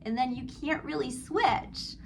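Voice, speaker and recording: A woman's voice: sits high, a little slow, vocal fry, faint music behind, low-quality recording. A middle-aged woman vocal coach teaching a singing lesson, explaining technique between sung vowel exercises. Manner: demonstrates vowel slides and sighs, then explains calmly.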